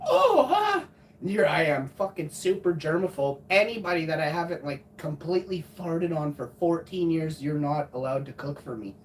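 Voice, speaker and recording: A man's voice: a little high, moderate pace, few pauses. Crude rambling man, echoey and distant. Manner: crude, rambling, swears often. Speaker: live streamer. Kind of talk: casual storytelling on a live stream. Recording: echoey room, far from mic, noisy.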